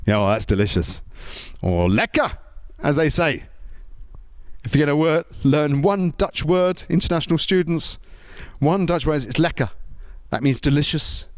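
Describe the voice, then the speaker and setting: A man's voice: a little high, normal speed, no room sound, clean studio sound. A man from Britain with a British accent, doing a jokey stand-up routine as a comedian and MC, acting out little voices. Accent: British English. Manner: animated, jokey, acts out voices.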